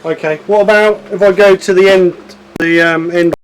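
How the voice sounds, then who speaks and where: High-voiced chatty man hosting a livestream. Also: fairly even intonation, normal speed, slight background noise, low-quality recording. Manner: chatty, self-deprecating, troubleshooting aloud. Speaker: woodturning livestream host. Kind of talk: casual livestream chat with viewers.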